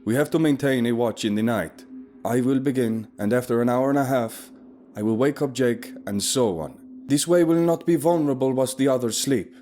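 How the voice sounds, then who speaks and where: A man voicing a calm, stern male polar guide who speaks in a measured, formal, commanding way, over a steady hiss. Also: medium pitch, faint music behind, voice pushed up, natural voice. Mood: grave.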